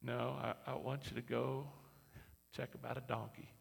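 A man doing Jesus, calm and low. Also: moderate pace, vocal fry, breathy edge. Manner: low, calm, matter-of-fact. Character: calm patient male teacher, Jesus. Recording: reverberant hall.

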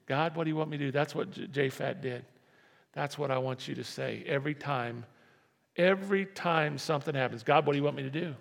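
A man's voice: fairly high pitch, fairly quick, vocal fry. A man preaching a sermon, emphatic, repeating key lines and asking the congregation to answer back. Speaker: pastor. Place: church sanctuary. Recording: echoey church hall.

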